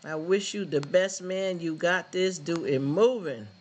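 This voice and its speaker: Casting: man, live stream host, blunt and animated, high voice, street slang. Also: measured pace, slight background noise. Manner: animated, blunt street talk, repeats words. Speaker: livestream host. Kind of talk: casual live stream chat.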